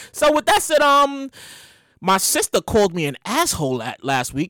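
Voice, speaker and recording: A woman in her thirties with a New York accent rants into a podcast microphone at home. Her voice sits high and swoops all over the place, with a bright, sharp edge. She gets excitable, repeats herself and now and then breaks into shouting. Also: fairly quick, dry recording, clean studio sound. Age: 30s. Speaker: podcast host. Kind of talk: comedic podcast monologue. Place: home, seated in a chair.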